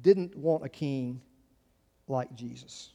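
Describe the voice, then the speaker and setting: A man's voice: medium pitch, slow pace, gravelly, warm tone, long reverb tail. A man preaching a sermon as pastor, earnest, with frequent restarts and rising emphatic peaks.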